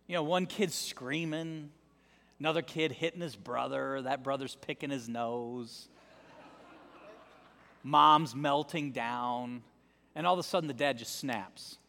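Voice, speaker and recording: A male pastor giving a sermon in an emphatic, repetitive style, dropping into soft tones for effect. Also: medium pitch, normal speed, creaky. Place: large church. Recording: long reverb of a large church.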